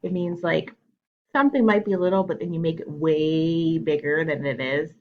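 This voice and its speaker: A woman teacher reads a children's picture book aloud at storytime, asking the kids questions and explaining words along the way. Her voice sits low and she speaks at a moderate pace, in a muffled recording.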